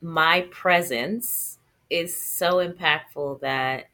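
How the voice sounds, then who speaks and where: A woman's voice: deep voice, drawn-out words, bright, forceful tone. A woman co-hosting a casual podcast, talking frankly and self-assuredly and laughing often. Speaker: podcast co-host.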